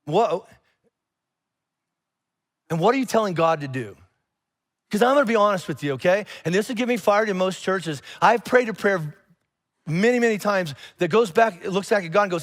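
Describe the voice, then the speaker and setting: Animated male pastor preaching. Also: high-pitched, normal speed, long pauses. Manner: conversational, animated, acts out dialogue. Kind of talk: sermon. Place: church auditorium.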